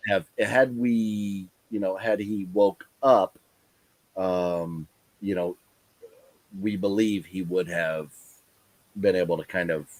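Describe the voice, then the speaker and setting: A man's voice: low-pitched, steady tone, slow, long pauses. A tired man hosting a casual live stream, talking in a rambling way with lots of fillers and restarts. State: tired, yawning.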